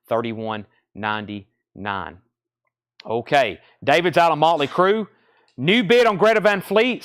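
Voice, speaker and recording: A man hosting a live record sale, briskly calling out bids and prices, out of breath. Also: medium pitch, a bit bright, clear, resonant tone, no room sound, clean studio sound. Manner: brisk, matter-of-fact auctioneer patter. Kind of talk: live sales stream, rattling off prices.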